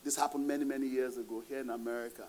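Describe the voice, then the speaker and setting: A man's voice: mid-range voice, little pitch movement, rapid-fire, darkish tone, a little hiss or hum. A middle-aged man with a Nigerian accent, preaching a sermon as pastor in an emphatic, raised voice, laughing between points.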